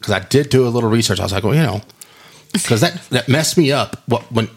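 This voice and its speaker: A man's voice: mid-range voice, animated, quick pace, slightly rough. A man casually chatting as a podcast co-host about movies and TV, rambling with restarts and playful impressions.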